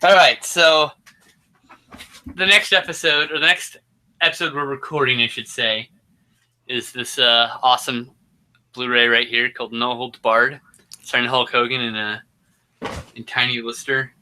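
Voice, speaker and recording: A man's voice: medium pitch, little pitch movement, normal speed, long pauses, sharp tone. A man co-hosting a casual movie review podcast, joking, swearing and talking animatedly. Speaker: podcast co-host.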